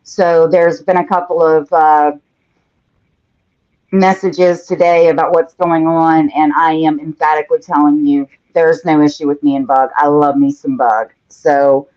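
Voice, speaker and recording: A woman's voice: low-pitched, level tone, a little slow, a little mellow. A woman hosts a live painting show, chatting casually and reading out viewer comments as she works. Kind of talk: casual livestream chat while painting. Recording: dull lo-fi livestream audio.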